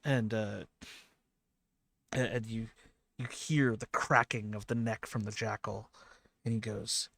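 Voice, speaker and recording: A man narrating a tabletop game in a low, gravelly voice. He talks slowly and haltingly, with many fillers. The sound is dry and close. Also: fairly even intonation, a bit bright, no room sound. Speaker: game master.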